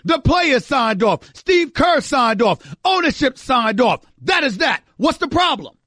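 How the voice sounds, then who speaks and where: Emphatic high-voiced sports radio man. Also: very animated, slow pace, a bit bright, no echo, studio quality. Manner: emphatic, exasperated, repeats phrases for effect. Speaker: radio host. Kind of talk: sports talk radio monologue.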